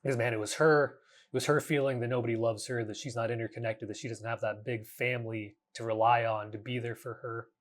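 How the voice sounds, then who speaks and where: A man in his thirties, speaking at a middle pitch, hosts a reflective solo podcast. He talks earnestly and haltingly, often restarting his sentences and dropping casual curses. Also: fairly even intonation. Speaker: podcast host.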